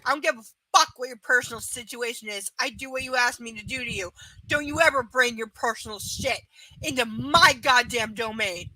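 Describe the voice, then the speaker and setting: High, bright woman ranting with profanity. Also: brisk, no room sound, poor audio. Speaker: host of a live reading. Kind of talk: live book reading with commentary.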